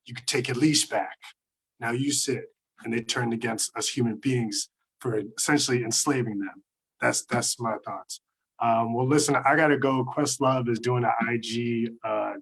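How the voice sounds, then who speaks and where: A man's voice: mid-range voice, level tone, normal speed, vocal fry, breathy edge, low-quality recording. Male stand-up comic, mid-range voice, rambling filler-heavy delivery, video call. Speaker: stand-up comedian. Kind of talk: stand-up set over a live stream.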